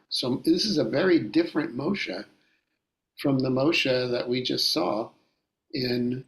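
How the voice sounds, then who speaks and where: A man leads a scripture lesson with a gravelly voice at an ordinary pitch. He speaks deliberately, going back over his words and restarting his phrases as he explains. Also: low-quality recording. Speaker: Torah teacher. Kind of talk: Bible study lecture.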